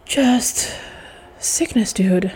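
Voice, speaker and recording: A woman with a husky, slightly breathy voice rants straight to the camera in a casual vlog. She swears freely and sounds exasperated, and her delivery swings between fast bursts and drawn-out words. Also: mid-range voice, a little mellow, whispered. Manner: profane, exasperated ranting to camera. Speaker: vlogger.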